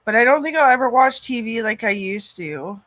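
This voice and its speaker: A woman in a rambling personal monologue, cursing often, her loudness swinging from loud outbursts to near-murmurs. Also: a little high, animated, normal speed, no room sound.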